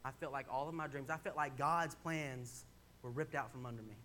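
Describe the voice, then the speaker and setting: A young man preaches a sermon in a church sanctuary, telling a personal story candidly and conversationally as he builds to emphatic points. His mid-range voice is a little fast, bright, and forceful, with slight background noise.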